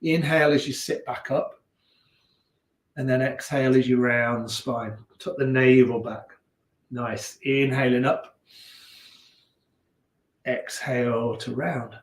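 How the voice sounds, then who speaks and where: A yoga teacher with a Leicester accent talks his class through slow breaths and stretches. His cues are calm and unhurried, broken by easygoing chatty asides. His mid-pitched voice rings around an echoey room. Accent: Leicester English. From England. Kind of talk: guiding a gentle yoga class.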